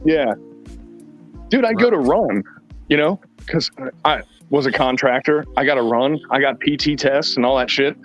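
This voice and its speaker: A man's voice: mid-range voice, expressive, normal speed, faint music behind. A man hosting a podcast, telling rambling stories in a blunt, profane way. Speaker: podcast host. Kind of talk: casual chat. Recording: dull lo-fi sound.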